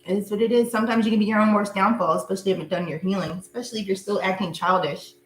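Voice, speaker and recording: A woman's voice: medium pitch, fairly even intonation, very fast. A middle-aged woman giving a casual live tarot reading, chatty and blunt, laughing often and cursing freely. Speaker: tarot reader. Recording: echoey room with faint hum.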